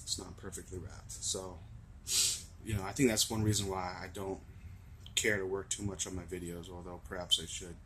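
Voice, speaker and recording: A young man with a raspy voice, talking earnestly and rambling to camera in a confessional vlog. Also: sits low, level tone, normal speed, a little hiss or hum. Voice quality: raspy from screaming. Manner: earnest, rambling, swings from shouting to laughing to soft musing. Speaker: vlogger.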